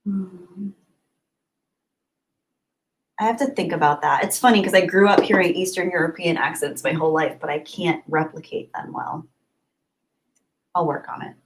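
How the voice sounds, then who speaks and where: A woman's voice: lowish voice, normal speed, pauses often, slight background noise. A woman streamer chatting casually with her viewers, reading their comments aloud, rambling and giggling often. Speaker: live streamer.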